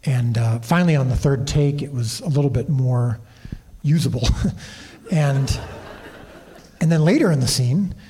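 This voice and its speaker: Interviewed on stage at a convention, a man who created and directed a TV series shares lively behind-the-scenes anecdotes, often starting over mid-thought. His mid-range voice is a little slow with long pauses, and there's slight background noise.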